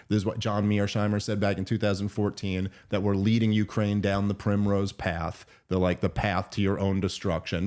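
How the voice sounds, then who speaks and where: A man's voice: on the low side, darkish tone. A man hosting a podcast, chatting casually and opinionatedly about foreign policy, often restarting his sentences. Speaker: podcast host. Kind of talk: casual political chat.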